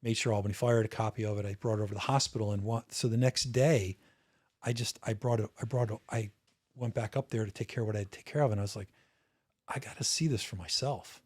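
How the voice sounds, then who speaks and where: A middle-aged American man, a retired state police officer, tells a personal story in a casual, candid podcast interview. His voice is fairly low with a darkish tone and fairly even intonation, and he talks fast, swearing now and then and often restarting sentences. The recording is dry.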